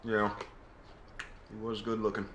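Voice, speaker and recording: Brief: man playing a courteous older Southern US vet, put-on drawl, bright, echoey room. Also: fairly low pitch, monotone, measured pace, slight background noise, pitched below the performer's own voice. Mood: bashful.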